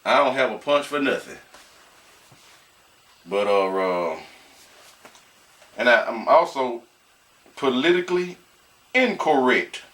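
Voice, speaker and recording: Folksy man vlogging, reading news and riffing on it, bright voice, recorded roomy and off-mic. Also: mid-range voice, lively intonation. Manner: folksy, talks straight to viewers as "y'all"; slow, halting when reading aloud. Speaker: small YouTuber. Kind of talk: reading news aloud and commenting casually. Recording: echoey room, mic at a distance.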